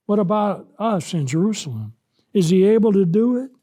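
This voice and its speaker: A man's voice: high-pitched, lively intonation. A man preaching a Bible lesson, emphatic, reading scripture aloud and acting out the words of God with rising force. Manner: slow, emphatic, rises loud when voicing God.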